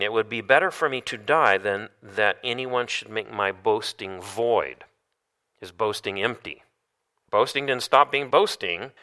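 Guy preaching a sermon, kinda low but bright punchy voice, reads verses and asks questions.

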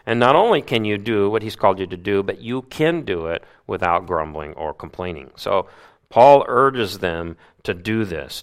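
Male pastor, low voice, animated sermon, loud peaks and hushed asides. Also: clear, resonant tone. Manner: acts out grumbling voices.

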